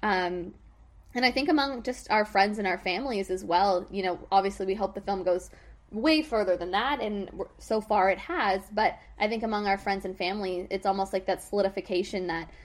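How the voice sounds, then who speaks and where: An upbeat woman filmmaker speaking in an interview. She talks with a grateful tone at a middle pitch, with filler words and loose phrasing. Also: a little fast. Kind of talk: casual interview chat.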